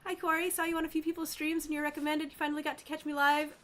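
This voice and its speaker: Woman streamer, higher voice, casual live chat, animated and playful with viewers. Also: very fast.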